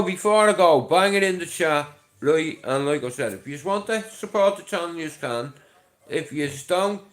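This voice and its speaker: A man's voice: on the high side, fairly bright tone. Chatty Dublin man swearing freely. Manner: swears a lot, rambling and chatty. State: chesty from a chest infection. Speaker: livestream host. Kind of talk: casual livestream chat.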